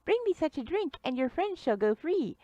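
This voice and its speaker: A woman voicing a small male sidekick with a high voice. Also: big pitch swings, normal speed, no echo, highs cut off. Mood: earnest.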